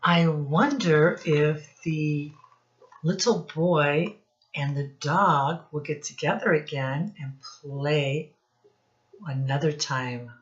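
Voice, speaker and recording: A woman teacher reading a picture book aloud to young children, asking them questions in a slow, sing-song teacherly way. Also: deep voice, highs cut off.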